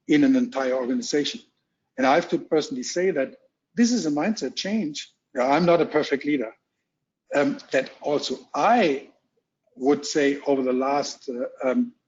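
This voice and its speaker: German accent guy, keynote over a dull-sounding video call, slightly high voice, lots of ums. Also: darkish tone. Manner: measured, halting delivery with frequent ums. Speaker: corporate executive keynote speaker. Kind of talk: keynote talk at a virtual roundtable. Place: home or office on a video call. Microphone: video call mic.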